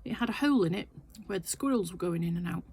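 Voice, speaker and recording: A woman's voice: fairly low pitch, animated, fast talker, a little mellow, breathy edge. An older woman telling a rambling, chatty story in her sewing shed. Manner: chatty, rambling anecdote with asides. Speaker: sewing vlogger. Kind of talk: casual storytelling chat.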